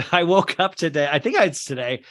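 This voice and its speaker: A man's voice: on the high side, measured pace, fairly bright tone. A man hosting a podcast, casually recapping a movie and acting out lines from it in funny character voices. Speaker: podcast host.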